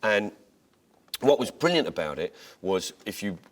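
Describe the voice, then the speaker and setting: A man being interviewed as a comedian, telling jokes and stories in an animated way, restarting his sentences as he goes. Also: lowish voice, a little slow. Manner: animated, tangents and restarts while retelling jokes. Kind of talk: conversational interview storytelling.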